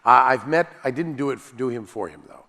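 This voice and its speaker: A man, a voice actor and panel guest, telling animated, self-deprecating stories with frequent restarts. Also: medium pitch, fairly quick, in a large hall. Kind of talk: animated anecdotal storytelling.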